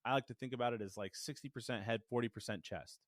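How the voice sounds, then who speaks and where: A man's voice: mid-range voice, quick pace, no room sound. A man teaching voice technique in a podcast lesson, demonstrating shifts between chest voice and head voice into a good studio microphone. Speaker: voice coach.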